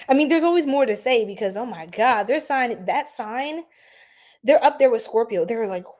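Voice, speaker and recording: A woman hosts an astrology livestream in loose, slangy chat with a fairly high voice. She laughs often and answers viewers' comments as they come in. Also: lively intonation, moderate pace, a little mellow.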